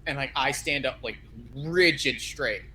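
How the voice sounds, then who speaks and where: A man with a bright, forceful voice plays along in a tabletop role-playing game. He keeps chiming in with short, encouraging replies, over a faint hiss of background noise. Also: medium pitch. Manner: quick, encouraging affirmations. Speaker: game guest player. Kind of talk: casual tabletop role-play.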